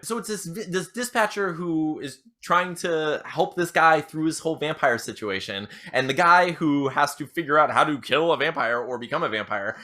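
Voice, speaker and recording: A man co-hosting a podcast, pitching a story in casual chat with lots of fillers. His voice swings widely in pitch and has a bright tone. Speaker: podcast co-host.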